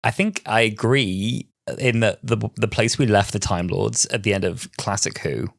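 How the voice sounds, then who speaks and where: A man's voice: on the low side, moderate pace, creaky, dry recording, studio quality. A man in his twenties co-hosting a casual podcast chat, sharing earnest, opinionated views as he thinks aloud. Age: 20s. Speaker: podcast co-host.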